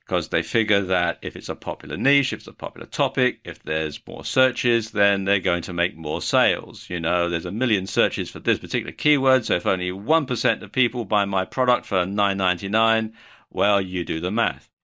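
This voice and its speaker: A man's voice: low-pitched, moderate pace, pushed and bright. A man giving a video lesson on online marketing, explaining in a mildly sardonic way.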